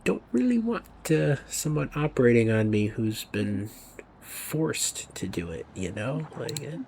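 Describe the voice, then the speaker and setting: A man's voice: medium pitch, big pitch swings, a little slow, vocal fry, a little mellow, a little hiss or hum. A man giving rambling, casual commentary over gameplay, sometimes dropping to a near whisper. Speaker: gaming video creator.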